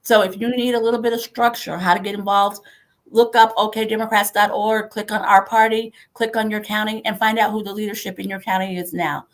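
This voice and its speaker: A woman's voice: mid-range voice, level tone, brisk. A woman who chairs a party, hosting a livestream and rallying supporters with emphatic, repeated calls to action over a video call. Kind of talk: rallying political talk.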